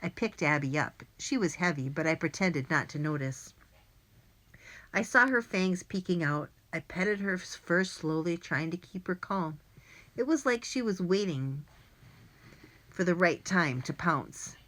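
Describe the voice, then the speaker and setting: A woman with a fairly low voice reads a first-person children's adventure aloud. She tells it in a lively, plain and clear way, like a storyteller. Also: measured pace. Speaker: audiobook narrator. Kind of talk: first-person audiobook narration.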